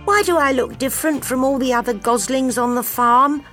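A woman's voice: high voice, moderate pace, fairly bright tone, faint music behind, voice pushed up. A woman voicing a young male gosling who asks eager questions, in a storybook reading.

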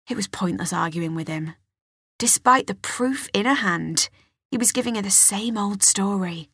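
A woman narrating an audiobook in measured, expressive storytelling. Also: fairly low pitch, husky, no room sound, studio quality. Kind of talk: scripted narration.

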